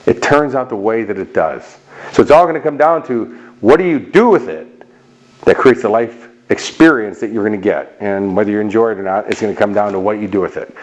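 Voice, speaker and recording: A man's voice: lowish voice, animated, a little fast. A man speaking as a motivational coach, talking straight to the viewer in an emphatic, direct way with punchy repetition. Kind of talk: motivational talk to camera.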